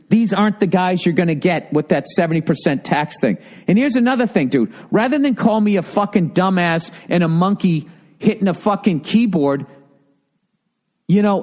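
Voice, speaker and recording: A comedian hosting a podcast, ranting heatedly and sarcastically, with constant swearing. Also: male voice, high voice, darkish tone. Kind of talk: profane comedic rant.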